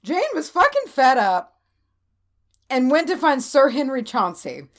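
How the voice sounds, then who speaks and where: High, lively woman telling a story. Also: unhurried. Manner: animated, swears freely, laughs often. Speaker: podcast co-host. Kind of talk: casual storytelling chat.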